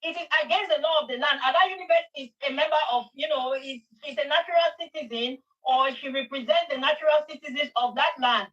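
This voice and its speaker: High-pitched woman arguing a point. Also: fast talker, hardly any pauses, fairly bright tone. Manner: argumentative, lawyerly, asks rhetorical questions. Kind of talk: arguing in a talk show. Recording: dull, distant audio.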